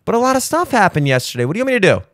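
A young man hosting a solo podcast, telling a rambling, animated story with voiced asides. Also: high voice, rapid-fire, dry recording, clean studio sound. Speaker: podcast host. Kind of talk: solo casual chat. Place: home studio.

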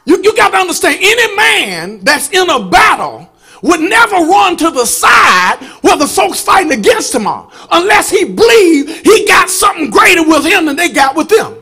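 A man's voice: very high voice, big pitch swings, normal speed. A man preaching a fiery sermon as pastor, calling out to the congregation and chanting his lines. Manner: shouting, chanting, call-and-response with congregation. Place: church sanctuary.

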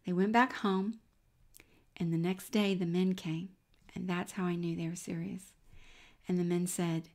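Middle-aged woman with a gravelly edge. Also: fairly low pitch, steady tone, a little slow, pauses often. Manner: warm, earnest storytelling that drops to a near-whisper at times. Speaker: Christian speaker. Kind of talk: personal faith testimony, storytelling.

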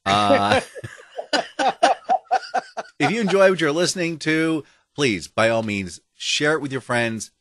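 A man's voice: fairly high pitch, slow pace, pauses often, fairly bright tone, no echo, clean studio sound. A man co-hosting a podcast in casual chat, joking and laughing often. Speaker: podcast co-host.

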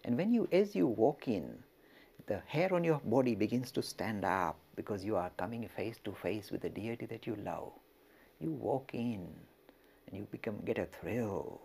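Gravelly, animated male religious lecturer. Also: lowish voice, normal speed, slight background noise. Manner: expressive, addresses listeners directly. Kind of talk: storytelling lecture.

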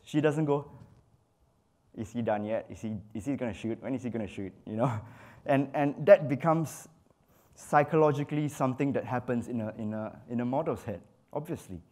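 A man's voice: mid-range voice, a little mellow. Guy photographer talking on stage, casual, keeps saying right? and you know, plays out little voices of clients. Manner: casual, chatty, tag questions, acts out quoted lines. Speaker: photographer giving a stage talk. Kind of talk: conference talk on stage. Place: stage in a large hall.

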